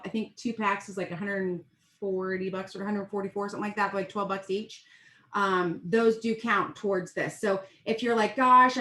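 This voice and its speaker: A woman's voice: mid-range voice, fairly bright tone, a little hiss or hum. Chatty woman in an echoey room. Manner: rambling, chatty, encouraging. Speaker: network marketing team leader. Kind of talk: casual live video pep talk.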